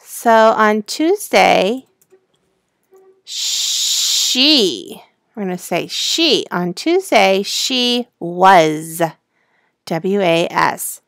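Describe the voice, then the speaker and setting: Slow sing-song woman teacher. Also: medium pitch, lively intonation, gravelly, a bit bright, no room sound, clean studio sound. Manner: slow, sing-song, spelling words out letter by letter. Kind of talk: classroom lesson for young children.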